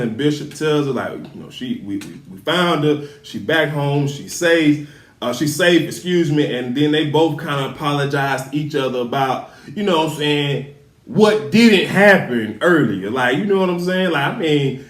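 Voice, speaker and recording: Male recap host, high and highly animated, with roomy echo. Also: normal speed. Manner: emphatic, talks back to the characters, laughs often.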